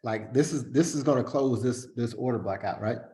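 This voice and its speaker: A man's voice: medium pitch, fairly quick, mellow. A man hosting a casual market analysis chat, talking in a hesitant way with lots of fillers and restarts.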